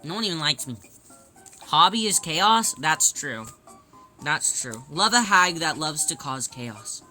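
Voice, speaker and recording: Woman, livestream host, casual chat, lively pitch swings, very bright tone. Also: measured pace, faint music behind. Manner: animated, reads and answers chat, many restarts.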